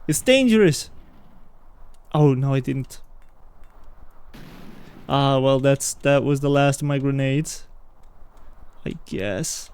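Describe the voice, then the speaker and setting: Man, gaming streamer, casual let's-play chatter, unhurried, playful. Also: medium pitch, clean tone, dry recording. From Britain. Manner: animated, jokey, talks to himself and chat.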